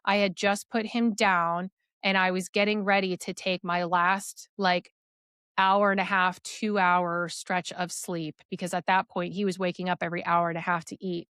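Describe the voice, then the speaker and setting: A woman's voice: fairly low pitch, little pitch movement, normal speed, a bit bright, clean tone, no room sound, studio quality. A young adult woman, a podcast guest, tells a personal story in a rambling way full of "like" fillers.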